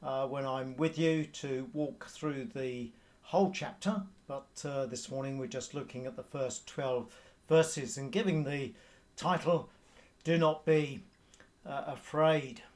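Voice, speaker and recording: A man preaching a sermon in a measured, halting way, with frequent pauses and fillers. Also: mid-range voice, fairly even intonation, darkish tone.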